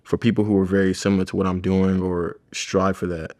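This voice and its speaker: A man's voice: sits low, little pitch movement, a little fast, a little mellow. A man who works as a chiropractor, talking casually and reflectively in a rambling conversation about his experiences.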